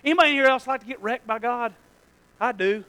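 High, bright-voiced preacher shouting. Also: male voice, smooth, no echo, rough recording. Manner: swings from low asides to shouted, drawn-out peaks. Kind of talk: sermon. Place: church hall with congregation.

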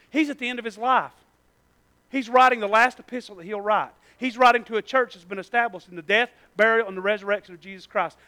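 A man preaching a sermon, telling stories with animation and swinging from shouts to hushed tones, and speaking folksy and directly to the congregation. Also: very high-pitched.

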